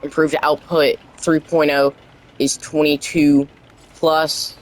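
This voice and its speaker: A man talking through a casual game tutorial at an unhurried, slow pace. He reads the on-screen text aloud haltingly, stumbling over words, and his voice sounds worn as if he is losing it. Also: on the high side, little pitch movement, a little hiss or hum, low-quality recording. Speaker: gaming channel creator.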